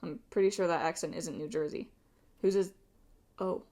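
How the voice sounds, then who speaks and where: A woman's voice: lowish voice, fairly even intonation, normal speed, mellow, natural voice. A wisecracking teenage boy, as a woman reads him. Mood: wry.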